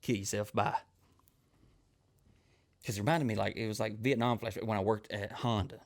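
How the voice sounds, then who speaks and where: A man's voice: lowish voice, fairly even intonation, moderate pace, creaky. A man, a comedian hosting a podcast and telling crude, rambling stories full of swearing. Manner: crude, rambling, swears constantly, acts out quoted people. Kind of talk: profane storytelling monologue.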